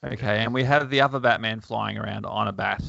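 Podcast chat from a man with a gravelly edge and a bright, forceful tone, who talks wryly and chuckles as he reads a comic aloud. The sound is dull and lo-fi. The room is dry. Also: on the low side, fast talker, no echo. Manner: wry, chuckling, lots of fillers. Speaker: podcast host.

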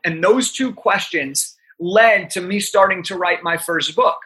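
High, bright-voiced young man telling a story. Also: a little slow. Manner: animated storyteller, frequent "right?" asides. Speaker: guest. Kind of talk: podcast storytelling.

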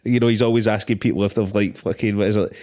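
Scottish guy, lowish voice, swears a lot and laughs, rambly podcast chat. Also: steady tone, quick pace, a little mellow. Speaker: podcast co-host. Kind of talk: casual film chat.

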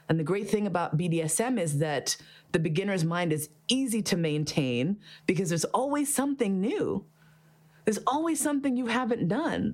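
A woman's voice: mid-range voice, a little mellow. A woman hosting a podcast, telling a candid story full of swearing and acted-out quotes. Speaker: podcast host. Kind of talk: candid casual chat.

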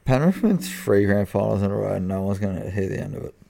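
Young Australian man, low mellow voice, blunt, sweary, relaxed podcast chat. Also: quick pace, gravelly. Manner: laid-back, blunt, sweary. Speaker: podcast co-host. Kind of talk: casual chat.

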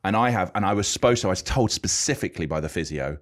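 Fast, lively man, playful co-host. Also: low voice. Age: middle-aged. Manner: playful, teasing, fast-talking. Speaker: podcast co-host. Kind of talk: casual chat.

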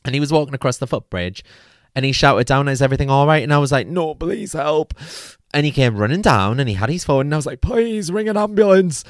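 A man's voice: mid-range voice, rapid-fire, no echo, clean studio sound. A man, telling a comic personal story in a chatty, swearing way and acting out his own frantic quotes. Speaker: podcast host.

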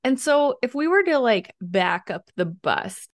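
A woman hosting a casual interview, relaxed and encouraging, with many fillers. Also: fairly high pitch, measured pace. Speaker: host.

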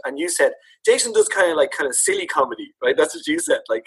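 Comedian, man, husky voice, chatty, animated storyteller. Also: mid-range voice, quick pace, hardly any pauses. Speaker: podcast co-host, comedian. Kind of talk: casual chat.

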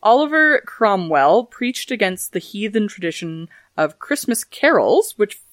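A woman's voice: medium pitch, very animated, a little slow, no echo. Woman reading history with dry asides. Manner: reads facts with dry asides. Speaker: podcast host. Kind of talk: casual history podcast chat.

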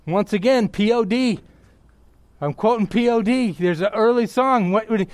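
A middle-aged male pastor preaching a sermon, excitable, bursting into yelling and then dropping back to a quiet, close tone. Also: high voice, normal speed, dry recording.

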